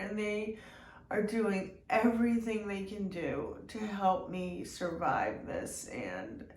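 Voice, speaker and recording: A woman hosting her own video diary, speaking in an emotional, halting way with many restarts and fillers. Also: mid-range voice, darkish tone. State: tearful at times. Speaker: channel host. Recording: echoey room, somewhat far from the mic, faint background noise.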